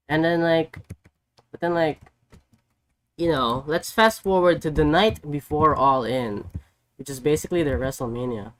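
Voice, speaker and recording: A man streaming casually, recapping a story in an excitable, rambling way full of "like" and "you know". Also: fairly high pitch, normal speed. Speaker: vtuber streamer. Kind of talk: casual chat.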